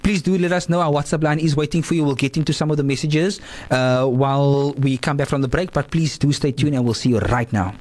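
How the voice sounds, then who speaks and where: A man hosting a radio talk show, animated and repetitive, often checking in with "right?". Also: a little high, fairly quick, hardly any pauses. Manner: animated, repeats words, asks "right?" often.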